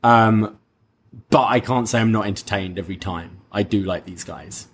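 A man's voice: on the low side, moderate pace, breathy edge. A young man co-hosting a casual podcast, making laid-back, dry remarks. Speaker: podcast co-host. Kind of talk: casual chat.

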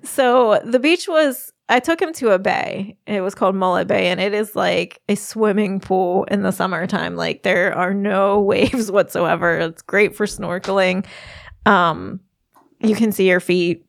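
A woman's voice: mid-range voice, measured pace, vocal fry, no echo, studio quality. A middle-aged woman telling a travel story in casual chat, giggling often as she talks. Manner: giggly, laughs often while telling stories. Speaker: podcast co-host.

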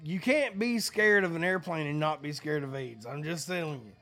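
A man in casual chat, teasing and cursing, quick to laugh. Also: a little high, bright, forceful tone. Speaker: co-host, musician.

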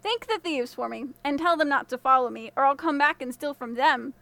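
A woman's voice: high-pitched, a little fast, gravelly, pushed and bright, dry recording, heavily acted. A woman voicing a clever, cocky young male thief in a storybook reading, smug and unconcerned.

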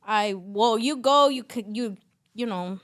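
A woman's voice: fairly high pitch, a little slow, a bit bright. A woman guest on a podcast, chatting casually as she tells a long story full of fillers and swearing.

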